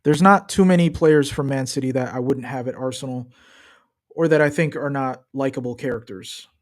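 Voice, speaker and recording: A young man reacts to a football match on a live stream, his mid-range voice moving at a moderate pace. The chatter is loose and playful, full of jokes and trash talk.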